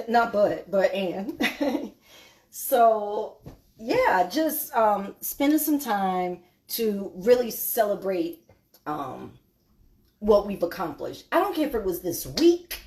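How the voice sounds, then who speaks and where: A woman's voice: mid-range voice, a little mellow. A woman, hosting a casual live cooking stream in her home kitchen, chatting with viewers and trailing off with fillers. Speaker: cooking show host.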